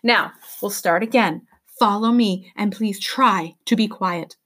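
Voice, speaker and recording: A woman voicing a fussy, easily flustered elderly male professor in a read-aloud storybook, often in hushed, breathy tones. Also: medium pitch, a little slow.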